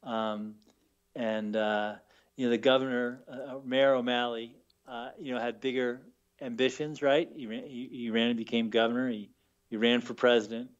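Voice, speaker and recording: A male author guest from Baltimore tells stories on the radio in a casual interview, leaning on fillers and repeating words. He talks at normal speed in a mid-range voice with little pitch movement, and the recording is muffled.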